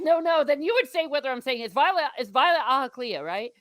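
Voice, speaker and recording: A woman from Ireland hosting a casual book discussion stream, animated and quick to laugh, often restarting her sentences. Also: high voice, dry recording. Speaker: livestream book discussion host. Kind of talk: casual chat with live chat readers.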